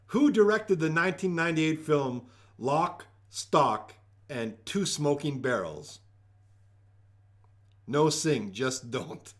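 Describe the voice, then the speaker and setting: A man's voice: fairly high pitch, animated, slow. A man hosting a live-streamed trivia game from home, joking around as he reads each question twice. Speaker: trivia host.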